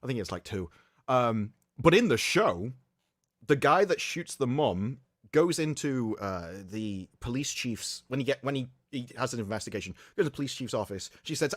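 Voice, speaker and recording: Animated man in lively podcast chat. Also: a little high, brisk, no echo, studio quality. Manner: animated, incredulous retelling. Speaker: podcast guest. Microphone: own microphone.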